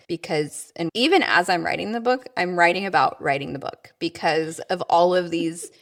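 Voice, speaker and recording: A woman from a small town, co-hosting a podcast, telling animated stories in casual chat and laughing often. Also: lowish voice, vocal fry. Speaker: podcast co-host.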